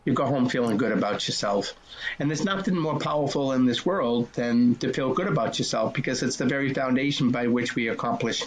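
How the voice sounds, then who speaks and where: A man's voice: mid-range voice, a little hiss or hum. A man in his sixties, a race director, telling folksy, earnest stories and acting out old conversations. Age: 60s. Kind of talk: storytelling interview.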